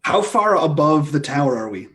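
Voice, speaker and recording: A man playing a tabletop game, excitable and quick to swear and laugh. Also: a little high. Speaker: player. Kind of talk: casual tabletop play.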